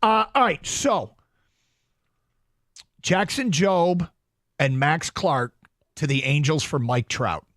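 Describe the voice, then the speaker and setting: A man's voice: a little high, expressive, takes it slowly, long pauses, a bit bright, no room sound, clean studio sound. A man hosting a sports radio show, chatting casually and rattling off plugs with fillers. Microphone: studio microphone.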